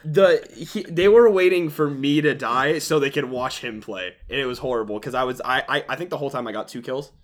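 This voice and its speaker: A man chatting casually on a podcast, talking in animated bursts with many restarts. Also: medium pitch, fairly quick, few pauses. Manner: animated, trailing restarts, self-deprecating. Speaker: podcast co-host. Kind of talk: casual chat.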